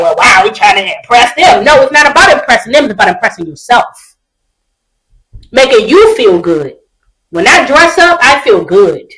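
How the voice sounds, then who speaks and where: A woman's voice: a little high, a bit bright, rough recording. A woman co-hosting a casual podcast, blunt and profane, acting out quotes as she talks. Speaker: podcast co-host. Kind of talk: casual chat.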